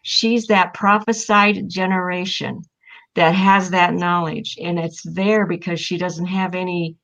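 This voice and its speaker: Older woman, low-voiced guest, heartfelt and tearful storytelling, muffled lo-fi sound. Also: flat delivery, measured pace, vocal fry, fairly bright tone. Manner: emotional, heartfelt, crying at times. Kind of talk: casual storytelling.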